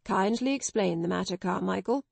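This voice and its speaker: Calm firm gentleman, slow and measured, keeping his temper down, woman reading him in a storybook. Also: mid-range voice, gravelly, dry recording. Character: hot-tempered gentleman guardian, kind but firm.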